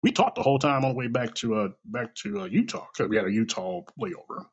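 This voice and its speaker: A man's voice: medium pitch, quick pace, husky. An American man, middle-aged, telling a personal story in a casual monologue, swearing, laughing and acting out what people said. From United States. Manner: animated, swears, laughs, acts out dialogue. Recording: dull lo-fi recording.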